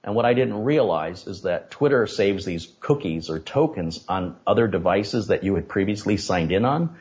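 A man, a tech streamer, recounting a story as an interview guest, in an animated and indignant way. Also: low-pitched, normal speed. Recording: dull lo-fi audio.

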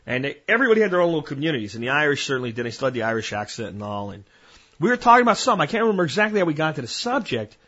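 A man's voice: fairly high pitch, big pitch swings, rapid-fire, bright, forceful tone, highs cut off. A man hosting a podcast, talking casually in a folksy, rambling storytelling way. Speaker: podcast host.

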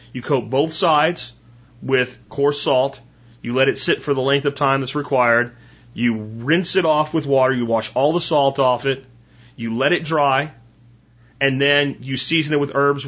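Husky man giving folksy cooking tips. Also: medium pitch, a bit bright, highs cut off. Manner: folksy, rambling, addresses listeners as folks and guys. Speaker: home cooking teacher. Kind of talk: casual cooking talk.

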